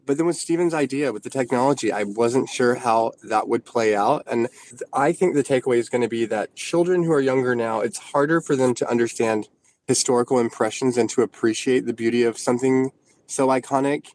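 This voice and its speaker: A man's voice: mid-range voice, a little fast, darkish tone. Earnest man in his forties, faint hiss. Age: 40s. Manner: earnest, thoughtful, restarts sentences. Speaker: choreographer, guest. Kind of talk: casual radio interview.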